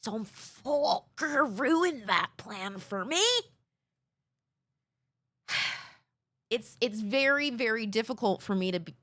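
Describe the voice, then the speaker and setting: Young female streamer, bright voice on the high side, rambling and self-mocking, swears freely. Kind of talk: casual chat with chat.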